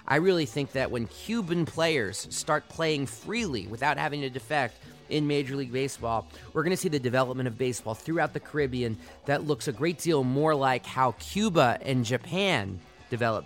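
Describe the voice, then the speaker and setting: A man's voice: mid-range voice, a bit bright. A man hosting a sports podcast, delivering impassioned, argumentative solo commentary.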